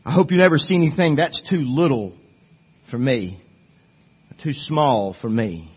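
A man preaching a sermon as a pastor, swinging between soft low asides and loud rising exhortation. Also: measured pace, breathy edge, highs cut off.

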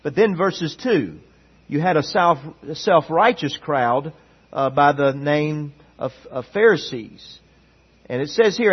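Guy preaching, husky and a bit high, punchy repeats, muffled lo-fi church tape. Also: lively intonation, a little slow. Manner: emphatic preaching with repetitions, reads scripture aloud. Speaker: pastor. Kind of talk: sermon. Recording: dull lo-fi church recording.

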